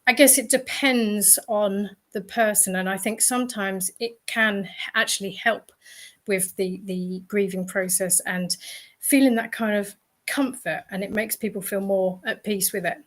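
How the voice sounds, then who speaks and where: A woman's voice: medium pitch, a little slow. A woman, a guest medium on a podcast, telling a story in a chatty way, with many ums and restarts. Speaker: guest medium and paranormal investigator. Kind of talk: casual podcast interview.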